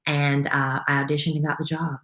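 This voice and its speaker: A woman's voice: sits low, flat delivery, a little fast, fairly bright tone. A woman, a radio host telling her story in a chatty way with lots of fillers. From South Carolina, USA. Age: 50s. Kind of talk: casual chat on a live stream. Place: home room. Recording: roomy echo in a home room.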